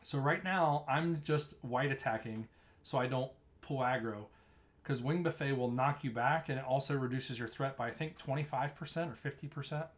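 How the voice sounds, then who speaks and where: This is a young man casually breaking down a game fight over replay footage. He speaks in a loose, conversational way, often circling back to restart a thought. His voice sits at an everyday middle pitch. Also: moderate pace. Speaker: streamer explaining raid tanking. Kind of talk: casual gameplay walkthrough.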